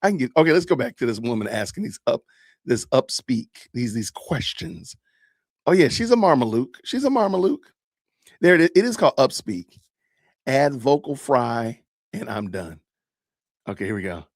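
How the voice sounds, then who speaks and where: A man in his fifties hosting a podcast, joking in a casual, animated way and talking to his live chat as he comments on videos. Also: medium pitch, normal speed, no echo, studio quality. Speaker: podcast host.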